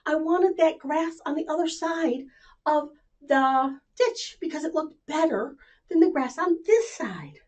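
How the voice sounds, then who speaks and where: A woman's voice: high-pitched, expressive, a little slow, a little mellow, pitched above the performer's own voice. A woman voicing a silly, sheepish cow in a children's story, explaining herself plaintively.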